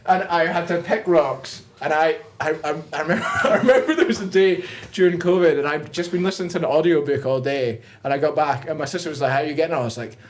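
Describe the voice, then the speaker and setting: A man's voice: a little high, fast, hardly any pauses, a little hiss or hum. A man telling a self-mocking story over casual pub chat, often breaking into laughter. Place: busy pub. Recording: pub with chattering crowd behind.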